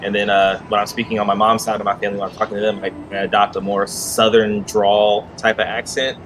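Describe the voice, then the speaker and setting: An American man chatting casually as a guest on a game stream, relaxed and easygoing with trailing fillers. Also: on the low side, fast talker, slight background noise, rough recording. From United States. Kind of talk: casual chat.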